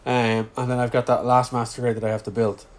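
Relaxed guy, medium-pitched voice, casual chat co-host, rambles a bit. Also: fast talker. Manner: easygoing, rambling with fillers.

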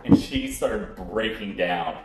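Laid-back joking man, lively low voice. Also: takes it slowly, heavy background noise. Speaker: podcast co-host. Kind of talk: casual storytelling chat. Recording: echoey room.

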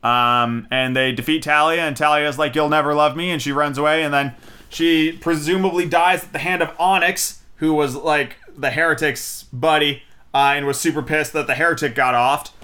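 Bright-voiced man rambling through a review. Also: on the high side, normal speed, clean tone. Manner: rambling and excitable, full of fillers and swearing. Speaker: movie reviewer. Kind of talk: casual spoken review.

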